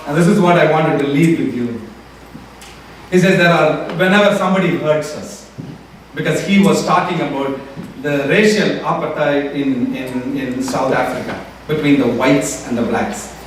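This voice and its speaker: A man's voice: on the high side, normal speed. A man preaching a sermon as pastor, retelling a story with acted-out quotes. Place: church sanctuary. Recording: echoey church hall, mic from far off, faint room noise.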